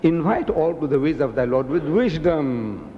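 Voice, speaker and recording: A preacher from South Africa gives a public lecture in an animated style, acting out the voices he quotes with big pitch swings. He speaks at a moderate pace, and the phone-quality audio has a long reverb tail and slight background noise.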